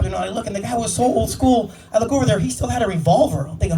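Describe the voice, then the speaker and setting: A man doing stand-up comedy about police work, telling brash, profane stories quickly. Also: very high voice, loud music behind the voice. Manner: brash, profane, fast storytelling punctuated by laughs. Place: comedy club stage before a live audience. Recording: distant mic with loud crowd laughter.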